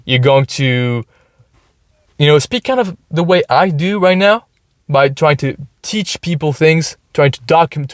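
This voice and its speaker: A man's voice: a little high, lively intonation, a little slow, no echo, studio quality. A man hosting a podcast, explaining things casually with many restarts, talking from inside a hot car. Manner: explaining, thinking aloud with restarts. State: overheated. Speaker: podcast host. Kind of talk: casual solo podcast talk.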